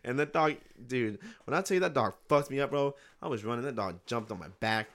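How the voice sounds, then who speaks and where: A man's voice: mid-range voice, expressive, fairly quick, a bit bright. A young man, podcast host, telling a long rambling story in casual chat, laid back and swearing.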